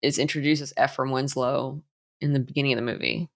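A woman's voice: a bass voice, fairly even intonation, fast, creaky, no echo, studio quality. A woman co-hosting a casual movie podcast, chatty, with lots of fillers and restarts. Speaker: podcast co-host.

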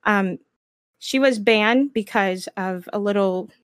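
A woman's voice: mid-range voice, slow pace, clear, resonant tone, dry recording, clean studio sound. A woman streamer speaking frankly and with passion in a casual panel discussion. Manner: impassioned, frank and blunt.

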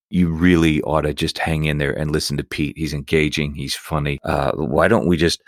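A man's voice: a bass voice, flat delivery, fairly quick, few pauses, no room sound, studio quality. A man hosting an interview podcast, introducing his guest and asking questions with open enthusiasm. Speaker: podcast host.

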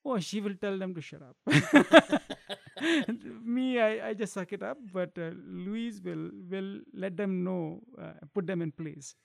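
A man's voice: sits high, unhurried, vocal fry, no echo, studio quality. A middle-aged man, a chef, chatting casually in an interview, laughing often and restarting his phrases. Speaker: chef and food business owner.

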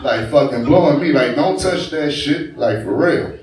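A man's voice: medium pitch, moderate pace, a little mellow. A young man with a New Orleans accent doing a crude, swaggering stand-up set on a bar stage. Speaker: stand-up comedian. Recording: echoey live bar recording, distant mic.

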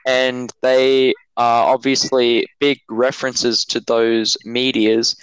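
A young man co-hosting a podcast, talking casually in halting, meandering sentences. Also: mid-range voice, level tone, a bit bright, clear, resonant tone, dry recording, rough recording. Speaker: podcast co-host. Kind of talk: casual chat.

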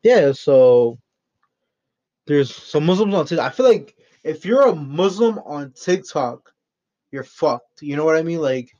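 Brief: higher-voiced guy, rambling profane podcast host, joking, dull low-fi sound. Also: expressive, a little slow, dark tone. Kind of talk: unscripted solo podcast chat. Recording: dull lo-fi recording.

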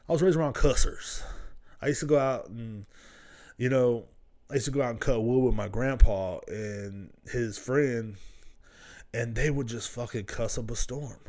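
A man's voice: medium pitch, normal speed, pauses often, mellow. A young man talking alone on his own podcast, cussing constantly and wandering off topic from story to story. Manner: profane, loose, jumps between stories. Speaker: podcast host. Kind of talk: solo rambling podcast monologue.

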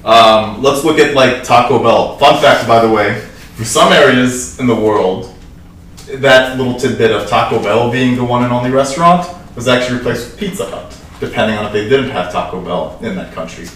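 A man's voice: medium pitch, normal speed, a bit bright. A man giving his take on a film in casual talk, opinionated and full of "like" and "right?". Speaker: film podcast co-host. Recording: echoey room, far mic, faint hiss.

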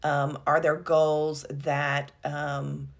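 A woman's voice: deep voice, monotone, extremely slow, gravelly. A woman co-hosting a casual business podcast, talking conversationally with fillers and self-corrections. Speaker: podcast co-host.

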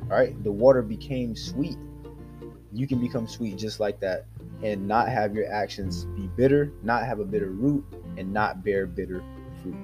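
A man's voice: on the low side, moderate pace, over music. A man hosting a devotional podcast, earnestly exhorting his listeners and addressing them directly. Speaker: podcast host.

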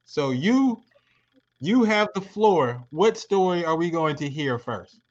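A man's voice: a little high, animated, slow pace, dull audio. A man hosting a talk show, hyping up his guest and rallying the audience. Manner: hype-style, rallies the audience. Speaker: host.

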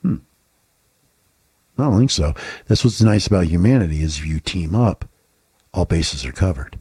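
A man's voice: deep voice, lively intonation, normal speed, warm tone, slightly rough. A man co-hosting a podcast, talking bluntly and swearing often, firing off rhetorical questions in casual talk. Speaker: podcast co-host.

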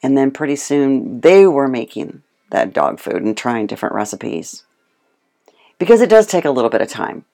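Guest speaker: animated casual storyteller, mid-range pitch, frequent laughs. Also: moderate pace, creaky. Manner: animated storytelling, acts out quotes; laughs often. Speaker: guest speaking on homemade dog food. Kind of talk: casual chat.

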